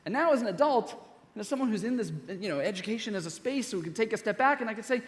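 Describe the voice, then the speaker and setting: Animated man joking in a big hall. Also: high-pitched. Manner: joking, animated, quick asides and laughs. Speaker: keynote speaker. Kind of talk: humorous conference keynote. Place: large conference hall. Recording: long hall reverb.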